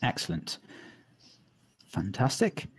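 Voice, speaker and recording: A man who narrates a tabletop game as dungeon master, playing many characters. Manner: slow, animated storytelling, plays many voices.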